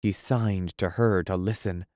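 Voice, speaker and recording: Slow, low-voiced male audiobook narrator. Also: steady tone, a little mellow, no room sound, studio quality. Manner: measured, storytelling. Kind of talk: scripted narration.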